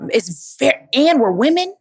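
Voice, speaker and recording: A woman's voice: high voice, very animated, moderate pace, vocal fry. A woman from Dallas, Texas, answering audience questions in an emphatic, preachy motivational way, calling listeners "baby.". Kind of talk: motivational live Q&A talk.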